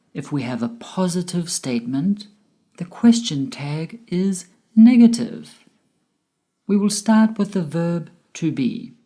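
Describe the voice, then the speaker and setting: A woman giving a scripted English grammar lesson, explaining slowly and carefully with clear enunciation. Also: on the low side, mellow. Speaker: English teacher.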